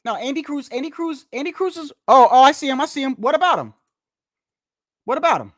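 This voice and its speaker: A man's voice: extremely high pitch, expressive, brisk, fairly bright tone, no echo, studio quality. A man ranting casually about boxing rankings, profane and repetitive, tired after a long day and talking straight to his viewers. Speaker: boxing commentator.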